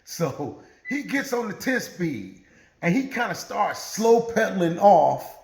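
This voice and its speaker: A man's voice: high-pitched, slow, vocal fry. A man telling a true story in a casual, profane, laughing way, with roomy echo. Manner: profane, animated, laughing often.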